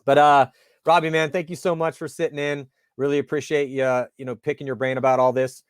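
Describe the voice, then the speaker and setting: Man, interview host, casual and animated storyteller, dry close sound. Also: fairly high pitch, fairly quick, clean tone, dry recording. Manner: animated storyteller acting out dialogue.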